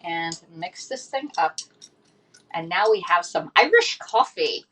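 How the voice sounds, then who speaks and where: A woman's voice: on the low side, expressive, a little slow, very noisy. Chatty woman saying y'all. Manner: chatty, says y'all often, many fillers and restarts. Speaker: livestream host selling kitchen products. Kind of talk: casual livestream chat.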